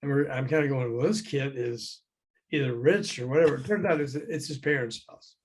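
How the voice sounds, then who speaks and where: An older man, a former record promoter, telling lively anecdotes as an interview guest over a video call, acting out the people he quotes. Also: mid-range voice, a little fast, husky. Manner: lively raconteur who acts out the people he quotes.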